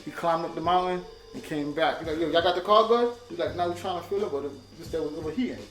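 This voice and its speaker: A man telling stories in a casual conversation, animated and laughing as he acts out quotes. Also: on the high side, fast talker. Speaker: guest. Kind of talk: casual storytelling. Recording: echoey room with loud music.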